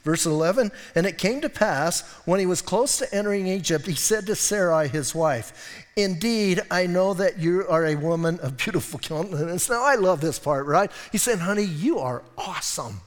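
A man preaching a sermon as pastor, lively and acting out voices from the story. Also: sits high, moderate pace, in a large hall. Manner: animated, acts out voices of people in the story. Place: church hall.

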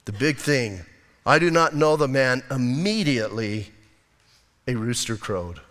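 Male pastor, casual slangy sermon delivery, big expressive pitch swings, reverberant church hall. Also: unhurried. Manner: animated, conversational preaching with slang and acted-out quotes. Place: church sanctuary.

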